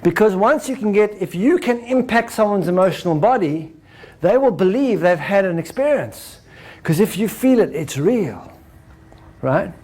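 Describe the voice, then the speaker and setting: A man's voice: high voice, lively intonation, normal speed, a little mellow. A man presenting a spiritual talk to a live audience in a casual style, often checking in with "right?". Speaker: speaker presenting his book and method.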